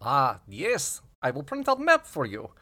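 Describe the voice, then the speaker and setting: A man's voice: mid-range voice, a little slow, pitched above the performer's own voice, full character voice. A man voicing an animatronic fortune-teller woman who speaks in clipped, broken sentences. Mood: robotic. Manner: flat clipped speech with dropped articles.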